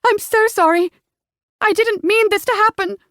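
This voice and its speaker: A woman narrator voicing a distraught young woman, high and sobbing, in a dry close recording. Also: normal speed, a bit bright, dry recording.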